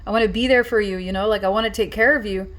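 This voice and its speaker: A woman's voice: medium pitch, steady tone, fast talker, fairly bright tone, lightly acted. A woman voicing an earnest, caring little boy spirit who speaks in an urgent, pleading way. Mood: gentle.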